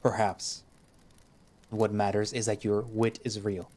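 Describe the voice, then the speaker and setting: A man's voice: fairly low pitch, level tone, measured pace, mellow. A man voicing a stoic male creature warrior who speaks formally, in a visual novel reading. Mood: calm. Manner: formal speech without contractions.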